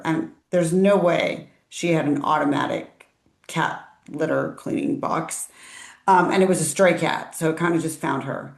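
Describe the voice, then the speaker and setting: A middle-aged woman hosts a casual interview chat and tells stories in a lively, unhurried way, with vocal fry, acting out quotes with big swings in pitch. She is an IVF parent, and the room gives a roomy echo.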